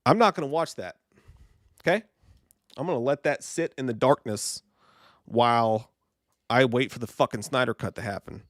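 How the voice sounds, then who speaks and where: A man hosts a live movie news stream, chatting with viewers in a loose, excitable way full of swearing. His voice sits at a middle pitch, and the sound is dry and close. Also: normal speed, long pauses, dry recording. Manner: excitable, profane, rambling. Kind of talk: casual live stream chat.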